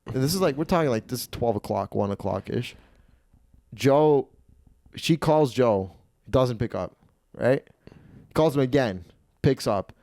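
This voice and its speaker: A man's voice: mid-range voice, animated, unhurried, pauses often, darkish tone, no echo, studio quality. A man in his twenties hosting a podcast, telling a rambling, profane story and acting out the people in it. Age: 20s. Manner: rambling, profane, acts out quoted voices. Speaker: podcast host. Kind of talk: casual storytelling.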